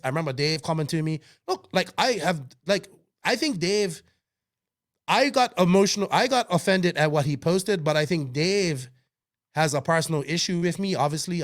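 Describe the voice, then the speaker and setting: A man co-hosting a podcast, talking in an animated, defensive way, with frequent swearing and restarts. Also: a little high. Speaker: podcast co-host. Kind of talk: heated casual podcast chat.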